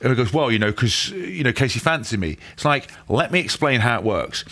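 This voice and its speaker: A man in his thirties from England, co-hosting a casual sports chat in an animated, jokey way. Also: medium pitch, a little fast. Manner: animated, jokey, self-interrupting. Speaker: podcast co-host, former rugby player.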